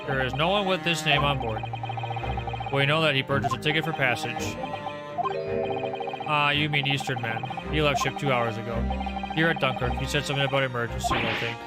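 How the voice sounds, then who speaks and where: A man doing a gruff burly sailor. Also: medium pitch, fairly quick, pauses often, natural voice. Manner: curt, blunt, drops articles. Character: gruff burly male Russian sailor guarding a cabin. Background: loud game music.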